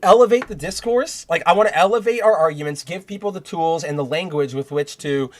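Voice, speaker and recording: Young man, podcast host, casual rant, somewhat high voice, restarts a lot. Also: fairly quick. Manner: rambling, frequent restarts and fillers, heated profanity. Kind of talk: casual commentary.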